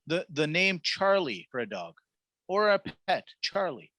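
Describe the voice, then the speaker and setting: A man's voice: fairly high pitch, big pitch swings, measured pace, pushed and bright, no echo. A man co-hosting a sports podcast, teasing and wisecracking through casual banter. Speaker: podcast co-host.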